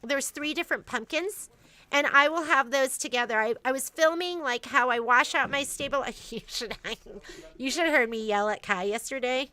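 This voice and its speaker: A woman's voice: high-pitched, normal speed, pushed and bright. A woman hosting a casual store livestream, chatting in a rambling way with lots of fillers and restarts.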